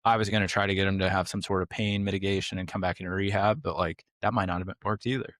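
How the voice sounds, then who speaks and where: A man's voice: sits low, steady tone, quick pace, a bit bright, dry recording, clean studio sound. A man hosting a podcast who talks bluntly and emphatically, answering his own rhetorical questions in a casual clinical discussion. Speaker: podcast host, clinic owner.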